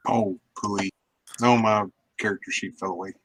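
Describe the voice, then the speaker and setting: A man playing in a tabletop game, talking in a flustered, hurried way. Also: lowish voice, fairly even intonation, no room sound, poor audio. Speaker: player.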